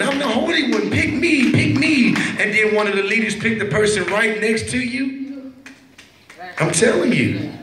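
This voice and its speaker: A man's voice: high-pitched, a little hiss or hum. Joking, crowd-rallying youth preacher man. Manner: playful, joking, laughing while preaching; rallying the crowd with shouted call-and-response. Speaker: Christian hip-hop minister. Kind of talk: youth ministry exhortation with call-and-response. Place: large church at a youth event. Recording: echoey church hall with crowd. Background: crowd reacting.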